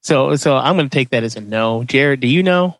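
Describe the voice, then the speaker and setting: A man hosting a casual movie podcast, excitable and profane, tripping over his words as he calls the votes. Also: mid-range voice, fairly quick, dry recording. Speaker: podcast host running a movie bracket. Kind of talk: casual chat.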